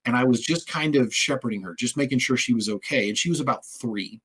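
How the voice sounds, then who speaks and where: Husky man telling stories on a podcast. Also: mid-range voice, fairly quick. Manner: animated storyteller, acts out quoted voices. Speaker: podcast host. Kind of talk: storytelling in casual conversation. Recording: husky, occasionally crackly audio.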